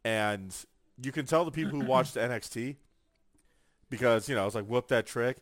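A man's voice: medium pitch, fairly quick, no room sound, clean studio sound. A man co-hosting a casual chat show, telling stories with energy and acting out other people's lines. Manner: animated storyteller, acts out quotes. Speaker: podcast co-host.

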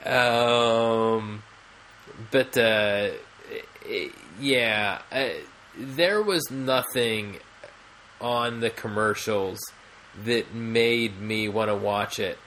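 A man's voice: lowish voice, extremely slow, fairly bright tone, a little hiss or hum. A man co-hosting a podcast in casual chat, rambling with many fillers and restarts. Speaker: podcast co-host.

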